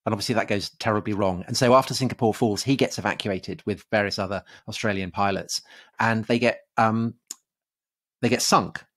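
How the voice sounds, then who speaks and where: A man's voice: on the low side, a little fast, a bit bright. Chatty Englishman telling a story. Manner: chatty storyteller, laughs often, many fillers. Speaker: podcast host. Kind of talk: casual history podcast chat.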